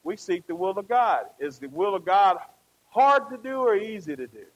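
A man's voice: high voice, very animated, moderate pace, poor audio. A man preaching a conversational sermon, often asking the congregation questions and tagging them with "right?".

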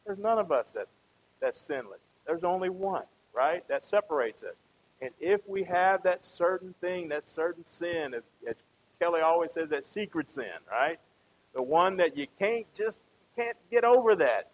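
A man's voice: a little high, lively intonation, normal speed, slight background noise, poor audio. A man preaching a conversational sermon, often asking the congregation questions and tagging them with "right?".

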